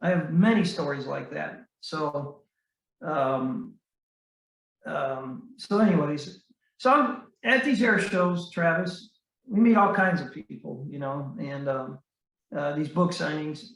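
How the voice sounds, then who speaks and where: A man telling a personal story as a podcast guest, speaking in an earnest, heartfelt way with frequent halting restarts and fillers. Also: a little high, creaky, a bit bright, distant mic. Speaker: guest, Navy veteran and author. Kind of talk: casual storytelling in a podcast interview. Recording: roomy sound, voice set back from the mic.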